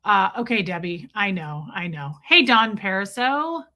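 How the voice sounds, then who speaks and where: A woman's voice: mid-range voice, sing-song, normal speed, pushed and bright. A woman hosting a casual livestream, chatting playfully and reading viewers' names aloud. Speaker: livestream host. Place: countryside home.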